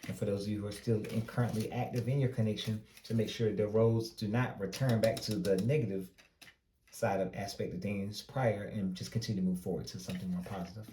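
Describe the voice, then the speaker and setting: A man's voice: lowish voice, fairly quick, reverberant, a little hiss or hum. A man from North Carolina with a Southern accent, giving a casual, rambling tarot reading with plenty of advice. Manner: relaxed, rambling, advice-giving with self-corrections. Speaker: tarot reader.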